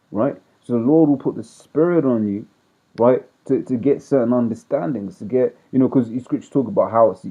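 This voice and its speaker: A man teaching scripture informally as a street preacher. He reads verses aloud, explains them in slang, and keeps checking in with "right?". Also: mid-range voice. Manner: checks in with "right?" after nearly every point. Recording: tinny phone-like audio.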